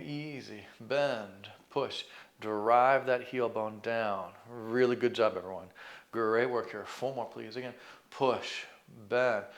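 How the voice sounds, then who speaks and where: A man leading an exercise class, giving calm step-by-step cues, counting reps and offering encouragement, with the occasional self-deprecating aside. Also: medium pitch. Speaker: fitness instructor.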